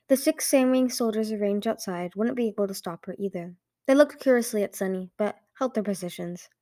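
A woman reads a storybook chapter aloud in an amateur way, often restarting and correcting her words. Her pitch sits in the middle of the female range. The sound is dry and close, with no room echo. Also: a little mellow. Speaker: narrator. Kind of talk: amateur audiobook reading.

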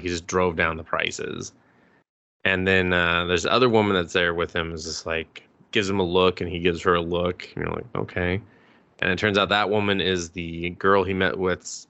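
A man's voice: low-pitched, pushed and bright. A man co-hosting a podcast, casually recapping an anime episode in a rambling way, quoting the characters and chuckling now and then. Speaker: podcast co-host.

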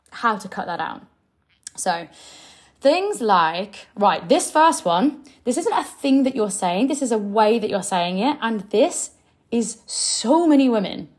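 Blunt, bright-voiced woman coaching. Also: fairly high pitch. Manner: blunt, emphatic and instructive. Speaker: sales coach. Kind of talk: direct coaching talk to camera.

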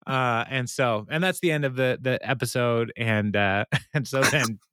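A man's voice: mid-range voice, unhurried, pushed and bright, clean tone, no room sound, studio quality. A man co-hosting a podcast, rambling through an episode recap with many fillers and frequent laughs. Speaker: podcast co-host.

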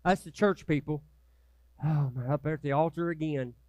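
High-voiced passionate male pastor preaching. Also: normal speed, no room sound. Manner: passionate preaching, from loud cries to hushed prayer. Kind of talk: sermon.

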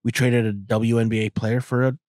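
A man's voice: mid-range voice, level tone, fairly quick, darkish tone, dry recording, clean studio sound. A man in his forties hosting a podcast, rambling in a casual, profane monologue full of fillers. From outside the US. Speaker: podcast host.

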